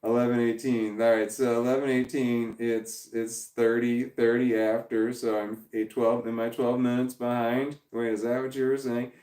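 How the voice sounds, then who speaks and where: A man's voice: medium pitch, flat delivery, normal speed, few pauses, mellow. Rambling man live-streaming in an echoey room. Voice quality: voice cracks when tired. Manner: rambling, reads chat messages aloud and laughs often. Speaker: live-stream host reading chat. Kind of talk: casual live-stream chat. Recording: echoey room, distant from the mic.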